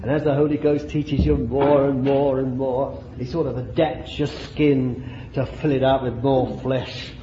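A man's voice: mid-range voice, flat delivery, unhurried, lo-fi sound, noisy background. A man preaching a fervent sermon, exclaiming and laughing between points.

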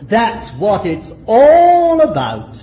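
A man's voice: high voice, wildly swooping pitch, extremely slow, highs cut off. A man preaching a fervent sermon, exclaiming and laughing between points.

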